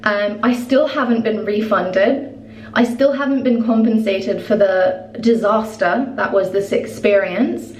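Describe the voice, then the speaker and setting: A woman's voice: mid-range voice, measured pace. Chatty young woman in an echoey room. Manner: chatty, animated retelling full of "like". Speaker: vlogger. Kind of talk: casual storytime vlog. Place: at home. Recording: roomy echo, distant mic, faint noise.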